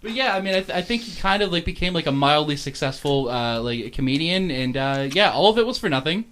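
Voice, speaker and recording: A young man with a lively, swooping voice speaks in casual podcast chat. He stammers, restarts and lets his sentences fade out. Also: on the high side, a little hiss or hum. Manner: halting, stammers and trails off quietly. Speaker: podcast co-host.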